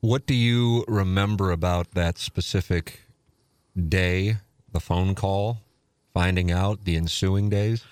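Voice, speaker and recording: A man hosts, asking short, prompting questions in a fairly low voice. The sound is dry and close, with nothing heard around him. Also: steady tone, takes it slowly, a little mellow, smooth, no room sound. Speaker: podcast host. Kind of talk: interviewing.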